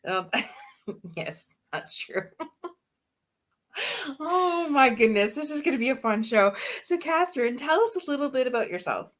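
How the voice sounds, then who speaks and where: A woman's voice: high-pitched, very animated, moderate pace. A woman hosting an interview show, greeting and questioning her guest in an enthusiastic, effusive way. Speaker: host.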